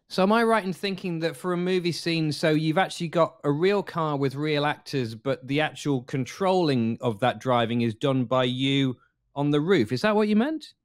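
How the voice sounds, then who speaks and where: A man's voice: a little high, lively intonation, normal speed, dry recording, studio quality. A man hosting a podcast, asking enthusiastic, leading questions in a casual chat. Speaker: podcast host.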